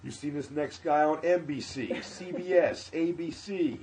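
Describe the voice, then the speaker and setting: A man voicing a frantic male club emcee who hypes the crowd louder and higher. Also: measured pace, a little hiss or hum. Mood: hyped. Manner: hyped, rising, shouting announcer.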